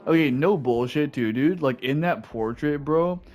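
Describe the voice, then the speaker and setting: A man's voice: on the high side, normal speed, darkish tone. Laid-back cussing gamer guy. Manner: laid-back, swears a lot, fills talk with "like" and "dude". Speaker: video game player. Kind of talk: casual gameplay commentary.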